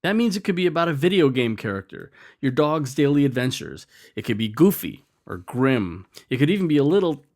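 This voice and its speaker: A man in mid pitch narrates a lesson video, his voice rising and falling a lot as he explains. He talks in a conversational, teacherly way. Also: big pitch swings, brisk, hardly any pauses, a little mellow.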